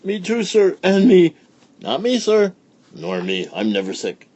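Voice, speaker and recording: A man voicing a crowd of noisy, squabbling young schoolchildren in a read-aloud storybook, in a high, whiny, excitable chatter. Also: unhurried, full character voice.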